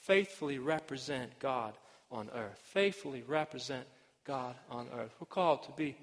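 A man preaching a sermon as pastor, earnest, repeating each point and swinging between emphatic and hushed delivery. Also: on the high side, big-room sound. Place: church sanctuary.

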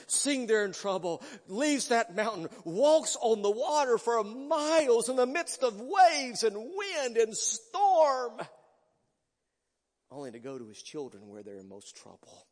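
Brief: high-pitched male pastor preaching dramatically, reverberant hall. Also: expressive, measured pace. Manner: emphatic preaching, dramatic swings from loud to hushed. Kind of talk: sermon.

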